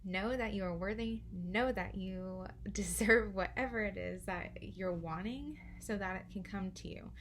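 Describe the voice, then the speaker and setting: A young woman talking through a casual card reading, chatty and giggly, dropping swear words with ease. Her pitch sits in a middle range. Faint noise runs under the recording. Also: a little slow, hardly any pauses, a bit bright. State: out of breath. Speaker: tarot card reader.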